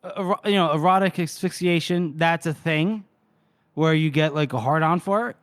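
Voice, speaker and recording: A young man co-hosting a casual book podcast, animated, laughing and slipping into character voices as he retells scenes. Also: on the high side, normal speed. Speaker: podcast co-host. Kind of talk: casual book discussion, reading and acting out scenes.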